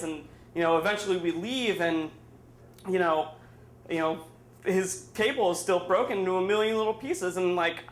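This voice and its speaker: A man's voice: sits high, fairly bright tone. A man telling a funny personal story at a live storytelling night in a bar, rambling and full of fillers as he mocks himself. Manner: rambling and filler-heavy, self-mocking humor. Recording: echoey room with faint ambience.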